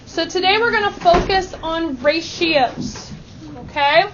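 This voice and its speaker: A woman math teacher leading a lesson with brisk, upbeat instructions and call-and-response countdowns. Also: extremely high pitch, background noise. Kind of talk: classroom instruction. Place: school classroom. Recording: dull lo-fi classroom recording with student chatter.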